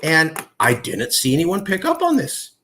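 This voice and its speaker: A man hosting a casual interview, talking in long rambling stretches with many fillers and pitch that jumps high when he gets worked up. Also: wildly swooping pitch, moderate pace, pushed and bright, slight background noise. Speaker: podcast host.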